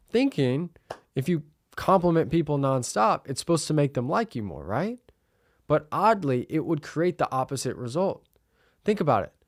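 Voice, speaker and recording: A man hosting a podcast, giving an energetic sales-coaching monologue and acting out bits of dialogue with customers. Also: on the high side, no room sound, clean studio sound. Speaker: podcast host.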